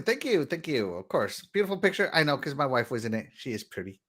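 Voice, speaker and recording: A man's voice: fairly high pitch, wildly swooping pitch, fast. A man hosting a podcast, reading viewer comments aloud and chatting in a laid-back way. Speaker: podcast host.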